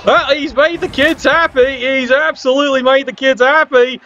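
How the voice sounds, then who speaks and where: Man, high voice, wry teasing play-by-play, exclamatory, dull lo-fi sound. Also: steady tone, moderate pace, crowd noise, noisy background. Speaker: game commentator. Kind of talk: casual play-by-play commentary.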